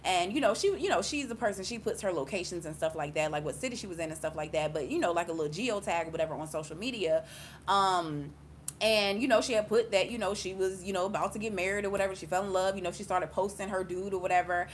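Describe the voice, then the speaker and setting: A young adult woman giving an intuitive reading, telling a long story casually, full of fillers and animated exclaims. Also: on the low side, quick pace, a little hiss or hum. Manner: rambling, filler-heavy, chatty; animated, laughs and exclaims often. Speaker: intuitive reader.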